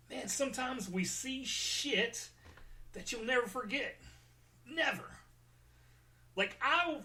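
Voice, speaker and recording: A man's voice: sits high, bright, forceful tone. A man hosting a show, talking candidly about his feelings and joking at his own expense while close to tears. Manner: candid, joking, self-deprecating. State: tearful. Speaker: podcast host. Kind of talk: personal monologue.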